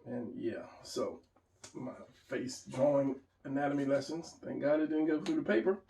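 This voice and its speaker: Man, drawing teacher, rambling, thinking aloud, gravelly, echoey room. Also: medium pitch, normal speed, dark tone. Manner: rambling, restarts while drawing. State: hiccuping. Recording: roomy, mic at a distance.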